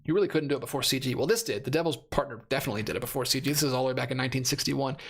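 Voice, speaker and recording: A man in his thirties races along in a medium-pitched voice, hosting a casual live stream about upcoming movies. Between frequent laughs he rambles and corrects himself while reading chat comments. He is losing his voice, which comes out a little worn.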